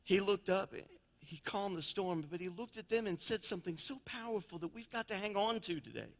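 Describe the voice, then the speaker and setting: A man preaching a sermon as pastor, telling stories in a folksy way and swinging between loud and quiet passages. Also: high voice, lively intonation, brisk. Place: church sanctuary. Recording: long church reverb.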